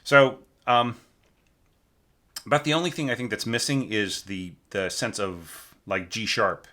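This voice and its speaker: A man with a bright, fairly low voice goes through a student's orchestral score as a teacher. He thinks aloud, keeps checking in with "right?", and sings passages in quick nonsense syllables. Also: steady tone. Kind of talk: spoken score critique.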